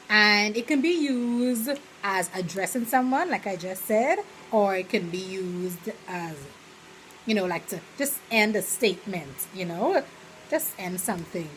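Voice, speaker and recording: A woman's voice: medium pitch, a little slow, a little hiss or hum, low-quality recording. A young woman with a Bahamian accent, chatting casually in a vlog and filling her talk with "you know". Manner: chatty, rambling, full of "you know" fillers; slips into lively quoted examples. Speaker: vlogger.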